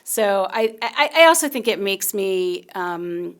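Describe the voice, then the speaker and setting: Gravelly-voiced chatty woman from Long Island. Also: mid-range voice, takes it slowly. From Long Island, New York. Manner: chatty, animated storytelling with many fillers. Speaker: interview guest, genealogist. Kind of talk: casual conversational interview. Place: TV news studio.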